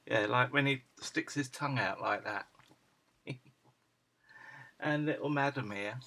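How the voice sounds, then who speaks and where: A man at home showing off his dogs, switching into high cooing baby talk whenever he speaks to them. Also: unhurried, vocal fry, pauses often, sharp tone, low-quality recording. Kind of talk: casual home video chat.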